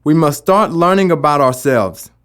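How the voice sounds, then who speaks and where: A man's voice: fairly high pitch, animated, moderate pace, fairly bright tone, clear, resonant tone. A man giving a motivational talk about never giving up, with emphatic delivery and rhetorical questions. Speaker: motivational speaker.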